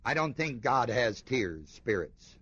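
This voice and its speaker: Guy preaching a sermon, asks the crowd lots of questions, goes quiet then fired up, kinda muffled dry lo-fi sound. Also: mid-range voice, big pitch swings, takes it slowly, husky, dry recording. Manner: emphatic, rhetorical questions to the congregation, swings between hushed and fervent. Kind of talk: sermon, reading and commenting on scripture.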